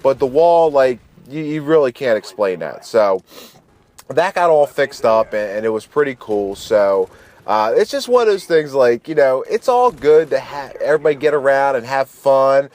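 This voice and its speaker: A man in his thirties spins a yarn from his youth while he plays, loose and unhurried. His talk is full of slang and swearing, and he stumbles and restarts his sentences as he goes. His voice sits at an ordinary middle pitch. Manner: relaxed, slangy, profane, frequent restarts. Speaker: gaming channel host. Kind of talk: casual storytelling over gameplay.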